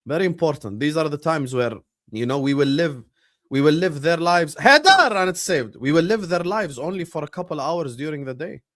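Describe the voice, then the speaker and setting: A young man hosting a live football watchalong, chatting casually with his viewers and shouting at big moments of the match. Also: on the high side, a little fast. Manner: animated, bursts into loud shouts at match moments, banters with chat. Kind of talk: casual live-stream chat and match commentary.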